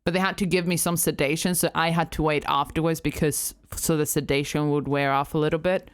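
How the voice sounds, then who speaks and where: A man co-hosting a podcast in casual chat, blunt and quick to laugh. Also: a little high, flat delivery, smooth. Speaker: podcast co-host.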